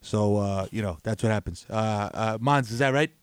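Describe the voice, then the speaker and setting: A man's voice: on the low side, normal speed, clear, resonant tone, no room sound, natural voice. A man playing a meandering male sports-radio host, full of uh and you know. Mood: deadpan.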